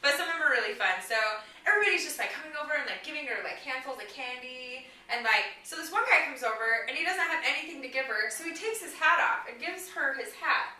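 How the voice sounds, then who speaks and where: A young woman telling a personal story in casual chat, talking fast with lots of "like"s and laughing as she goes. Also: high-pitched, animated, sharp tone. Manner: chatty, many "like"s, laughs while talking. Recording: echoey room, far from the mic.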